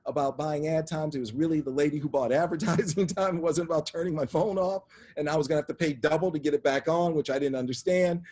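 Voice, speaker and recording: Husky-voiced man telling stories animatedly. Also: a little high, fast talker. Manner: animated anecdotal storytelling, acts out voices in quotes. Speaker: interview guest, media executive. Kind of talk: storytelling in conversation.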